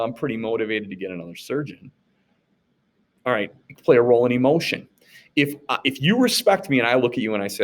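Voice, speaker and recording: A US-born male teacher delivers a recorded lecture recap in a mid-range voice that is animated and fast. He talks to the class informally, tossing out rhetorical questions and regularly checking in with "okay?"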